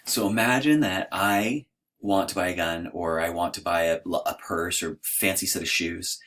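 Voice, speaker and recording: A man's voice: low voice, normal speed, a bit bright. A man giving an informal, conversational lecture in a hesitant, self-deprecating way.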